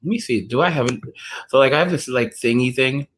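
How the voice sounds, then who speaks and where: A man chats casually on a livestream and answers his viewers as he goes. His voice sits in an ordinary middle pitch. He rambles, restarts sentences, and fills the gaps with "like" and "you know.". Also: a little fast, fairly bright tone, a little hiss or hum. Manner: rambling, heavy use of "like" and restarts. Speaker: livestream host reading chat.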